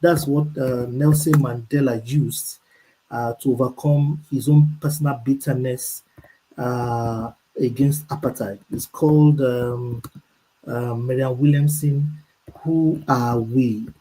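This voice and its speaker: Male motivational coach on a video call, mellow tone, emphatic delivery. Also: medium pitch, steady tone, slight background noise, poor audio. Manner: preachy, emphatic, reads quotes slowly. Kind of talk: motivational talk on a group call.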